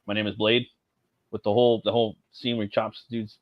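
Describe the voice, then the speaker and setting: A man's voice: on the low side, level tone, phone-quality sound, heavy background noise. A man co-hosting a casual film podcast, talking casually with many fillers. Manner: quick, casual, filler-heavy. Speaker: podcast co-host.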